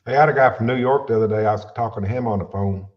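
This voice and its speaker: Host, low-pitched, brisk storyteller, dull stream audio. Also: male voice. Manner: lively, quick anecdote telling. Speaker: fishing livestream host. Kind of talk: casual livestream chat.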